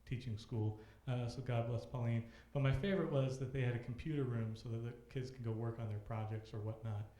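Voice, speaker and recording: A young man hosting a live comedy show, telling a rambling, self-deprecating story between acts and acting out kids' voices on a handheld mic. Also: medium pitch. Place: comedy club stage, live audience. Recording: roomy club echo.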